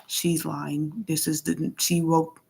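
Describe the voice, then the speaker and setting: Aggrieved woman vlogger, lowish voice. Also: level tone, slow, gravelly, darkish tone, breathy edge. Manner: reads out text messages and comments on them; plainspoken, aggrieved, repeats herself. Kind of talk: casual venting monologue.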